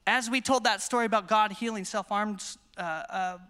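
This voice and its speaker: American man, sermon storytelling, bright crisp voice, long reverb from a big hall. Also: high voice, moderate pace. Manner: storytelling, self-deprecating humor, repeats words when excited. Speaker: conference speaker. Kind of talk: sermon with testimony stories. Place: large conference hall.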